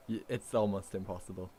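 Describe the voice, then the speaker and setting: A man with a Northern English accent chatting calmly over a racing game and reading out setup numbers like a race engineer. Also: fairly low pitch, breathy edge. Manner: calm, reads out numbers and setup advice. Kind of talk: casual chat while gaming.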